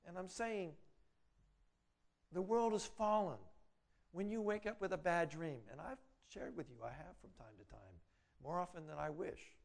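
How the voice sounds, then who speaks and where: At a moderate pace and with a creaky voice, a middle-aged man preaches as pastor, turning loud when he urges his listeners on. His voice falls low and hushed whenever he speaks his inner doubts.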